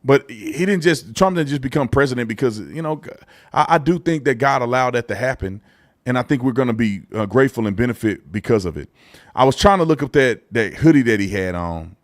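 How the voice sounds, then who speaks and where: A man's voice: medium pitch, expressive, fairly quick, no echo, clean studio sound. A man hosting a live commentary show, talking in a blunt, opinionated and mocking way, with loose casual phrasing and frequent restarts. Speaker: show host.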